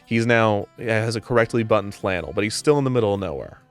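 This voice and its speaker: A man's voice: fairly low pitch, quick pace, faint music behind. A man hosting a comedic commentary show, ranting in an exasperated, sarcastic way.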